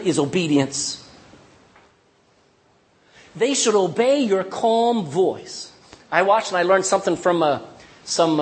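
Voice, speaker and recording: High-voiced animated male preacher. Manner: animated, acts out little scenes, emphatic repetition. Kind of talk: sermon.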